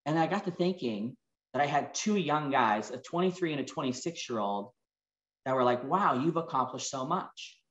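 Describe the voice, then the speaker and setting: A man's voice: medium pitch, animated, a bit bright, echoey room, dull audio. A man, giving an earnest, emotional motivational talk and telling personal stories. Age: 40s. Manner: earnest and emotional, storytelling with reflective pauses. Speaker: motivational speaker.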